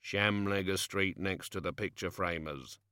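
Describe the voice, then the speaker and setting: A man doing a slow, gruff working-class barman. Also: low-pitched, sharp tone, no room sound, studio quality. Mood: grumbling. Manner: slow grumbling speech, dropped grammar.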